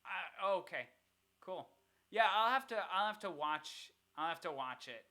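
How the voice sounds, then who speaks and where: Young podcast cohost, chatty, bright voice, swoopy animated storytelling. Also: mid-range voice, a little slow. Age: young adult. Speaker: podcast co-host. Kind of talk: casual chat.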